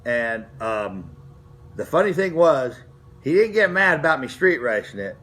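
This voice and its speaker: A man's voice: mid-range voice, sing-song, a little slow, fairly bright tone. A middle-aged man, telling racing stories from his past in a folksy, rambling way, full of restarts. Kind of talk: casual storytelling to camera.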